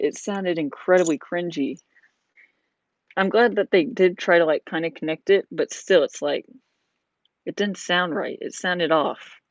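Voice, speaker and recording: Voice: mid-range voice, dry recording. A vlogger chatting casually while building a model, rambling with lots of "like" and "you know.". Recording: dull lo-fi sound.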